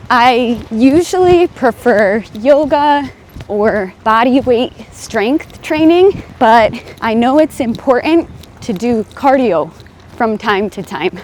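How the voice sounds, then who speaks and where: A woman's voice: a little high, lively intonation, takes it slowly, darkish tone, a little hiss or hum. A young woman narrating her day in a casual, chatty vlog, laughing easily. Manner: chatty, laughs often, breathless while running. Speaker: English vlogger.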